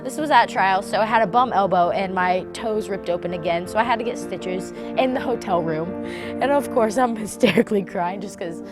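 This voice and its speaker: A woman's voice: mid-range voice, brisk. A woman recounting a hard memory in a documentary interview, acting out what people said and laughing through the emotion. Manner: animated, acts out remembered dialogue, laughs through emotion. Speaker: former gymnast interviewee. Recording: music bed underneath. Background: music.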